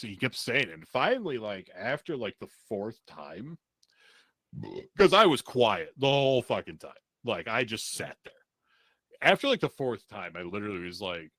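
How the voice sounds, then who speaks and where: A man's voice: medium pitch, sing-song, normal speed, a bit bright, no echo. A man on a podcast telling a rambling, profane story in a casual way, laughing now and then.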